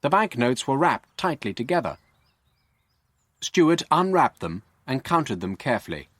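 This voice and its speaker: A male storyteller reads a simple story for English learners. His delivery is very slow and carefully clear, and his pitch moves a lot to bring the story to life. The recording is dry and close. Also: very animated, a bit bright, dry recording. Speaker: narrator. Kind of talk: graded-reader story narration for English learners.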